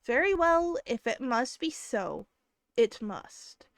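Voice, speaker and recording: A woman reading aloud plays a quick-witted young lady who teases with an arch, spirited edge, her voice pitched high and bright. She drawls her lines in a put-on Southern US accent. The sound is close and dry. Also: sing-song, no echo, exaggerated voice. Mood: reluctant.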